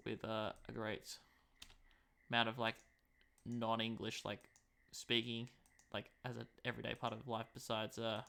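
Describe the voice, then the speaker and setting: Bright-voiced Australian man streaming casually. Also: fairly low pitch, creaky. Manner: chatty, self-deprecating, mutters to himself. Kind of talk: casual live-stream commentary while map making.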